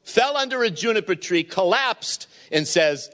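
A man's voice: high-pitched, animated, unhurried, fairly bright tone. A man preaching a sermon as pastor, retelling a Bible story and acting out the voices in it.

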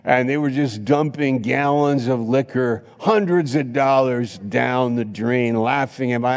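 A man preaching a sermon in a church, emphatic, with sudden loud rises and repeated phrases. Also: medium pitch, measured pace, hardly any pauses, in a large hall. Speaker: pastor.

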